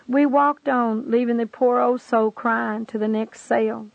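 A woman with a gravelly, fairly high voice preaches her testimony in an earnest, pleading way. The recording is a dull lo-fi tape, dry and close with no room sound. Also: fairly even intonation, measured pace, few pauses, dry recording. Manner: earnest, pleading, emotional storytelling. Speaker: testimony speaker.

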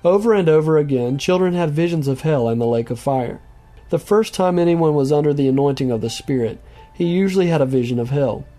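A man reading a book aloud as narrator in a solemn, measured way. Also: fairly high pitch, dark tone, faint music behind. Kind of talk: audiobook reading.

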